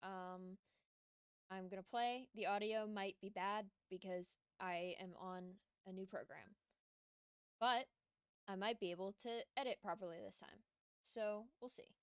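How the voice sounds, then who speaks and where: A woman's voice: medium pitch, unhurried, smooth, no echo. Chatty woman streaming a game. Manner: chatty, excitable, giggly asides. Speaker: streamer reading game dialogue aloud. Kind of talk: casual let's-play commentary, reading lines.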